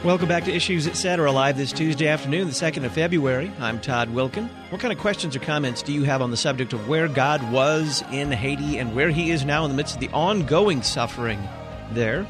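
A man hosting a live talk radio show, speaking in an earnest, measured way. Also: a little high, music in the background.

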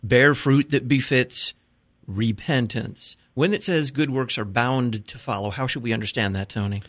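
A man's voice: medium pitch, normal speed, fairly bright tone, no room sound. A man hosting a call-in radio show, reading out listener comments and putting questions to his guests. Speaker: radio host.

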